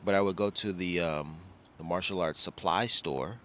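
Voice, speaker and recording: A man's voice: low-pitched, normal speed, pushed and bright, slight background noise. A middle-aged man from Los Angeles rambling casually as a travel vlogger, often restarting and correcting himself. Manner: rambling, self-correcting, chatty.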